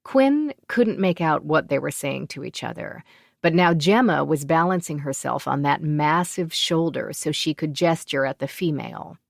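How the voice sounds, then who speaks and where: A woman narrates a fantasy audiobook in an even, measured way. Her voice is low and dry, recorded close with no room sound. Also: vocal fry, no room sound. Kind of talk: scripted narration.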